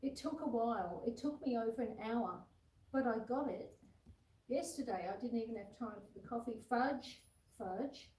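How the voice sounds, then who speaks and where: A woman's voice: a little high, normal speed, dark tone. A woman hosting a homestead livestream. She chats casually, reads viewer comments aloud and coos at the puppy on her lap. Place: indoors at home, seated with a puppy on her lap. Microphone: phone camera set far back. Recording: roomy and distant from the camera.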